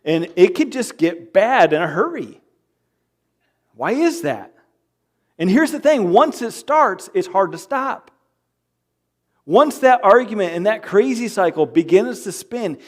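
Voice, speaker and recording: A man with a slightly raised voice delivers an animated sermon in church. He jokes with the congregation and acts out little arguments between spouses. He swings from loud bursts to quiet asides. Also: high voice, measured pace. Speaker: pastor. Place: church sanctuary.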